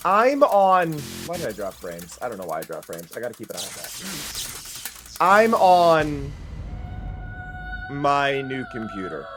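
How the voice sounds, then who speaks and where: A man's voice: mid-range voice, big pitch swings, unhurried, pauses often, a bit bright, soft background music. A man streaming live from home, chatting casually in a rambling way with many restarts.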